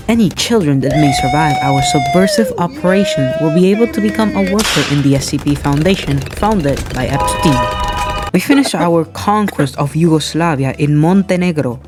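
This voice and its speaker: A man narrates a game run in a flat, deadpan voice-over, delivering absurd, edgy jokes as if they were serious. Clear background music plays under his voice the whole way through. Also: fairly high pitch. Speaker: gaming YouTuber. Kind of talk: scripted voice-over of gameplay.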